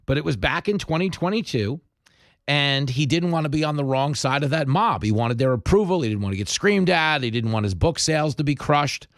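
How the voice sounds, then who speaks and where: A man's voice: a little high, brisk, no echo, clean studio sound. A man hosting an opinion podcast, talking emphatically and telling stories with energy. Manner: emphatic, animated storytelling. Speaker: podcast host. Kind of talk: opinion commentary.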